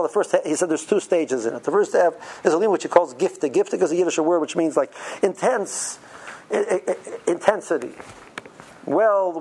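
A husky-voiced man lectures yeshiva students as their rebbe. He talks in an informal, lively way, stammering and restarting as he presses his points. His speech is full of Hebrew and Yiddish study terms. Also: on the high side, low-quality recording.

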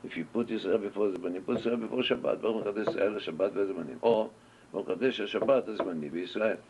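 A man's voice: on the low side, quick pace, a little mellow. A man with teaching a Torah class, asking questions and answering them as he tells stories. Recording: dull lo-fi recording with faint noise.

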